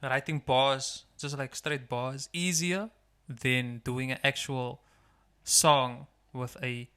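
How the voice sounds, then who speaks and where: A man's voice: medium pitch, steady tone, slow, sharp tone, smooth. A young man hosting a podcast, playful and teasing, laughing as he talks. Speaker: podcast host. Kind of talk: casual podcast chat.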